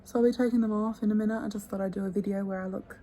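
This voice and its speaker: A young woman in her twenties chatting to her phone camera, rambling and candid, often trailing off quietly. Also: medium pitch, fairly even intonation, very fast, a little hiss or hum. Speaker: vlogger. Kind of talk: casual chat to camera. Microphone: phone held at arm's length.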